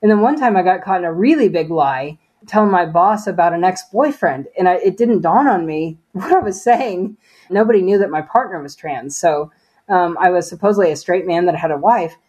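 A woman's voice: on the low side, animated, a little fast, darkish tone, husky, poor audio. A woman as an interview guest giving a personal faith testimony in conversation, earnest and storytelling, with frequent "you know" and "like".

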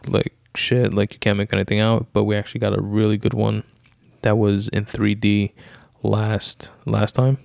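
A man's voice: lowish voice, flat delivery, moderate pace, creaky, darkish tone, no echo. A young man talking casually about a film he saw, dry and sarcastic, full of fillers and swearing. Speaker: vlogger. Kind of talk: casual movie review chat.

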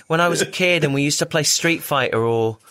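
A man's voice: fairly high pitch, brisk, pushed and bright. Chatty man telling stories. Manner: chatty storyteller, frequent restarts and swearing. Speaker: podcast guest. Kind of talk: casual interview chat.

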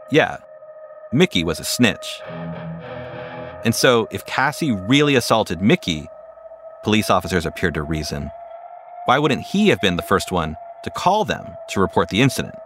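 A man narrating a podcast story in a measured, wry, scripted way. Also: low voice, big pitch swings, a bit bright, soft background music.

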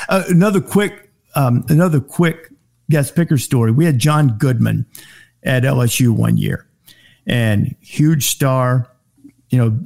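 A middle-aged man telling sports TV anecdotes in casual chat, acting out quoted lines in a raised voice. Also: gravelly. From Alabama. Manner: animated anecdotes, acts out quotes in high voices. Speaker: guest, sports TV host. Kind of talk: casual storytelling.

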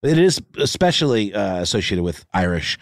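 A man's voice: fairly low pitch, sing-song, normal speed, no room sound, clean studio sound. A man co-hosting a podcast, casual and playful with joking asides. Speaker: podcast co-host. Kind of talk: casual chat.

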